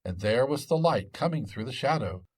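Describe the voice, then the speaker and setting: Lively male storyteller. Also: mid-range voice, moderate pace, husky. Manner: expressive and lively. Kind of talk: storytelling narration.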